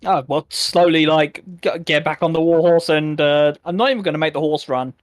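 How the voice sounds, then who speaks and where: A man's voice: on the high side, a little fast. A man playing a tabletop game, chatting in an easygoing way and adding wry remarks. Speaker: player.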